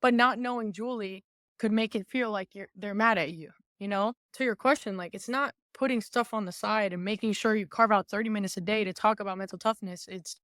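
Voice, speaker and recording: A woman's voice: medium pitch, dry recording. Outgoing young woman, dry close sound. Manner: outgoing, animated storytelling with quoted asides. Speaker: guest, former college volleyball player. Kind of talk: casual podcast conversation.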